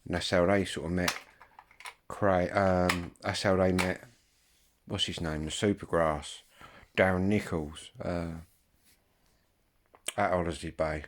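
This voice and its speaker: Man, 50s, very low voice, rambling casual chat, swears a lot. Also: flat delivery, takes it slowly, long pauses, noisy background. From Kent, England. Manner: rambling, frequent ums, swears freely. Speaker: vlogger.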